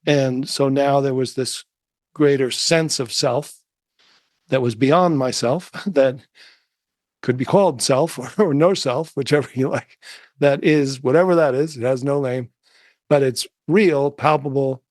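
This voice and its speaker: A middle-aged man, a meditation teacher, telling a personal story in a soft-spoken, musing way with many fillers and restarts. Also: mid-range voice, unhurried, no echo. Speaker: interview guest, meditation teacher. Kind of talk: reflective storytelling.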